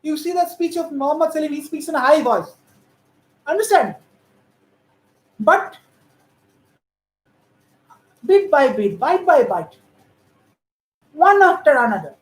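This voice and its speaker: A woman's voice: sits high, animated, slow, pauses often. A woman giving critical, emphatic political commentary on how politicians speak. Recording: roomy echo.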